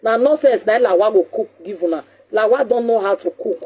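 A woman with a Nigerian accent hosting a talk show, talking casually in an animated, scolding way and repeating her points for emphasis. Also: fairly high pitch, brisk, hardly any pauses, slightly rough, lo-fi sound.

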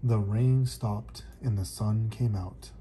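A man gently reading a children's picture book aloud. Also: fairly low pitch, fairly even intonation, slow pace, a little hiss or hum. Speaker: reader.

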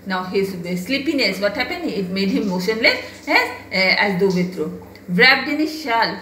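A woman's voice: mid-range voice, bright, forceful tone, a little hiss or hum. A woman teacher reads a story aloud and explains each line to her class, asking and answering her own questions with hesitant restarts. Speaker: English teacher. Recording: echoey room.

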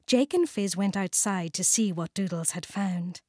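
A British woman narrating a children's storybook, warm and clearly enunciated. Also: mid-range voice, no room sound, clean studio sound. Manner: warm, slow, clearly enunciated, sing-song. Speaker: audiobook narrator.

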